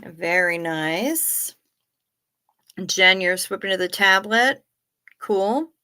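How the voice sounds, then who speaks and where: A woman's voice: mid-range voice, animated, extremely slow, pushed and bright, clean tone. A middle-aged woman, hosting a late-night livestream, tired and yawning as she chats casually with viewers and reads their comments. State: sleepy. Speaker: livestream host.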